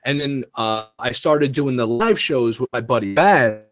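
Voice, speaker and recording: A man's voice: mid-range voice, a little slow, a bit bright, dry recording. Laid-back man swearing freely, dry sound. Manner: laid-back, profane, laughs often. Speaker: host. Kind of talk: casual chat on a live stream.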